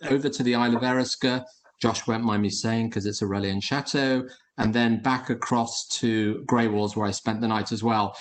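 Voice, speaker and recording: A man presenting his hotels on a video call, chatty and friendly in tone, often repeating words as he talks. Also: medium pitch. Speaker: hotel group founder presenting. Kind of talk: casual presentation. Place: at home or office in London.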